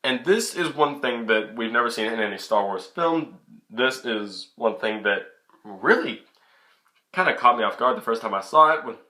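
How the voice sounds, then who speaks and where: A man's voice: medium pitch, a little fast, few pauses. A young man giving a casual, chatty film review into his camera. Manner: chatty, excitable, many restarts. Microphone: camera mic.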